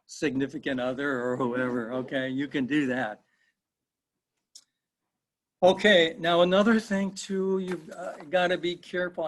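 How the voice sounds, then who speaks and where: A middle-aged man, a professor, giving an online class lecture in a conversational way, repeating himself and quizzing his students. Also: fairly high pitch.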